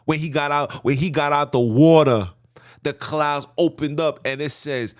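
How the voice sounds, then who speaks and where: A man's voice: mid-range voice, moderate pace, dry recording, studio quality. A man hosting a podcast, giving impassioned religious talk with street slang. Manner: passionate, preachy, street slang. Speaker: podcast host.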